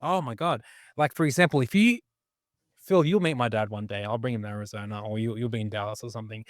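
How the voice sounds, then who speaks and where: A man's voice: medium pitch, fast, no room sound, studio quality. A man with an Australian accent co-hosting a podcast, telling a story in a playful, casual way. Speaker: podcast co-host. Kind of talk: casual chat.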